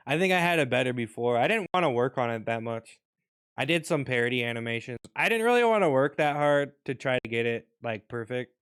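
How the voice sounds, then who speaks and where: A young man rants casually on his vlog, rambling and swearing freely as he restarts his thoughts. His voice is smooth and resonant at a mid pitch. The recording is dry and close. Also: animated, brisk, fairly bright tone, no echo. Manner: rambling, profane, restarts often. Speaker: vlogger. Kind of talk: casual rant.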